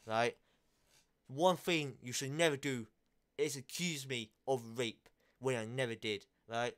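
A young male vlogger rants angrily to camera in a blunt, heated confessional, swearing and repeating phrases. His mid-range voice is unhurried and fairly bright.

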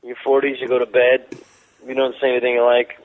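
A man in his forties from the United States, a comedian guest in a radio studio interview, rambling through jokey asides in a deadpan way. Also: medium pitch, fast, narrow, tinny audio. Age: 40s.

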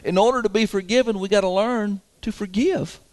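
A man's voice: sits high, a little fast, darkish tone. A man preaching a sermon to his congregation in a folksy, emphatic way, chuckling often. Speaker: pastor. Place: church sanctuary.

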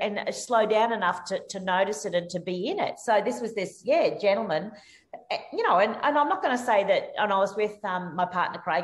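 A woman speaking as an interview guest, telling anecdotes animatedly over a video call. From Australia. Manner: animated storytelling, rises sharply in pitch for lively anecdotes. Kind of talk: conversational interview.

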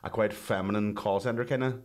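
A man's voice: fairly low pitch, steady tone, fairly quick. A man co-hosting a podcast, bantering wryly and swearing in casual chat. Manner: wry banter, swears freely. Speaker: podcast co-host.

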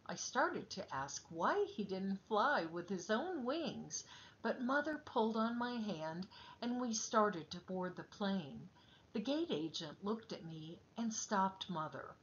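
A woman reading a children's story aloud in a gentle, expressive way. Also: mid-range voice, slow, dull audio, a little hiss or hum.

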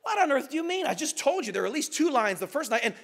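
A man's voice: extremely high pitch, lively intonation, fast, vocal fry, pushed and bright, slightly rough, voice pushed up, exaggerated voice. A man voicing a frightened, lonely young boy who pleads and asks anxious questions. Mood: scared, pleading.

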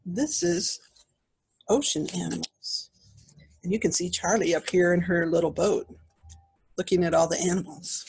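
With a low, breathy voice touched by vocal fry and fairly even intonation, a grandmother slowly reads a picture book aloud to little ones. She gently points to the animals in the illustrations as she goes.

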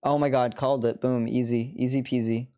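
A woman's voice: rumbling low, fairly even intonation, brisk, dark tone. A woman streamer chatting through live gameplay commentary, laughing often and swearing freely.

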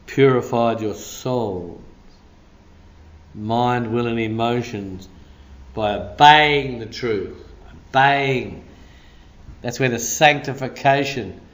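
A man preaching in a church, his voice sitting a little high for a man. He takes his time, lingering over the words, and keeps breaking into laughter as he plays out small scenes for the congregation. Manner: animated, laughing often, acting out little scenes. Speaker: pastor. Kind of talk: sermon.

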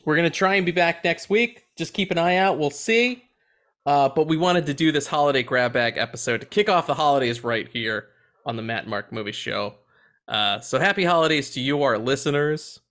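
A man co-hosting a movie podcast in casual chat, profane and animated. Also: a little high, a little fast. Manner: animated, profane, breaks into silly character voices. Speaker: podcast co-host.

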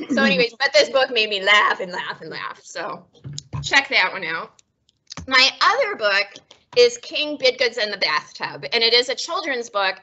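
A woman's voice: medium pitch, bright, forceful tone, highs cut off. A woman librarian hosting a casual book talk, chatty and self-deprecating, often laughing. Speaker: librarian and host.

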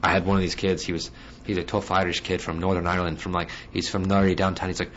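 A man being interviewed as a guest, talking in a quick, joking, restless way. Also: sits low, little pitch movement. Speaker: guest musician and guitar teacher. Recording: dull lo-fi sound with faint hiss.

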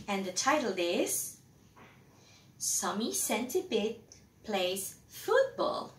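A woman's voice: medium pitch, sing-song, slow, long pauses, echoey room, recorded from a distance, a little hiss or hum. A woman hosting a children's story time, cheerful and sing-song.

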